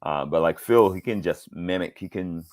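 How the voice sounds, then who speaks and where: A middle-aged man from the American South, a voice actor telling animated stories in a casual interview. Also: moderate pace. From Southern United States, Georgia. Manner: animated storyteller, leaps up high when quoting people. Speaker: voice actor guest.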